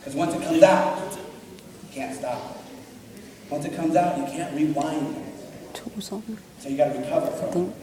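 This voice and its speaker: A man giving an animated, joking storytelling talk to a school assembly. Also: fairly high pitch, a little slow, pauses often, background noise. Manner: acts out voices in his anecdotes, jokey. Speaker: motivational speaker at a school assembly. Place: large school hall or gym. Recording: echoey hall from far off.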